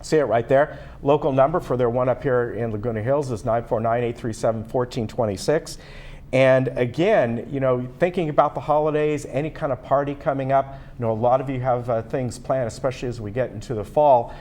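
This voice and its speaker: A man's voice: medium pitch, brisk, a little mellow. A man hosting a local television show, chatting upbeat and promotional with a guest. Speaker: TV show host. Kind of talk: local TV interview chat.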